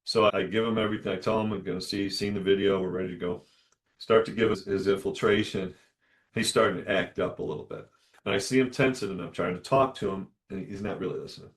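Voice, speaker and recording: Lower-voiced man telling a lively story. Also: fast. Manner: animated, acts out dialogue in lively voices. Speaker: dentist podcast host. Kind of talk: solo storytelling monologue.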